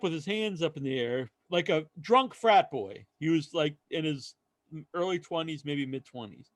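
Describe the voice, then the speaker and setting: A man co-hosting a podcast, telling a long story in casual chat and acting out other people's lines loudly. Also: on the high side, lively intonation, moderate pace, dry recording. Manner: rambling storyteller, acts out quoted voices loudly. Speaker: podcast co-host.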